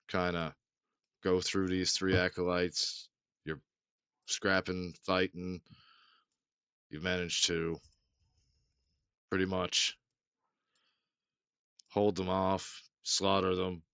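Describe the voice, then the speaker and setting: A man's voice: sits low, flat delivery, drawn-out words, pauses often, sharp tone, clear, resonant tone, no echo. A man narrating as game master in a loose, swearing, laugh-prone way, recorded on a dull lo-fi mic.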